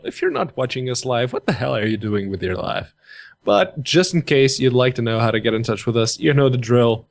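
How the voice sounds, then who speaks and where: A man's voice: medium pitch, animated, fairly quick, vocal fry, soft background music. A man hosting a gaming podcast, reading listener mail in a teasing, mock-announcer way. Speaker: podcast host. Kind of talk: casual podcast banter.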